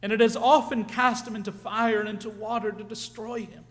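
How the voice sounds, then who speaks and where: A man preaching a sermon, earnest and reflective, often dropping to a hush on key phrases. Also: sits high, level tone, brisk.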